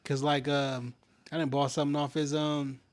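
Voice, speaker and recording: A man's voice: a little high, little pitch movement, moderate pace. A man with a Detroit accent, co-hosting a podcast in loose, slangy, laid-back banter. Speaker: podcast co-host. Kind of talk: casual chat.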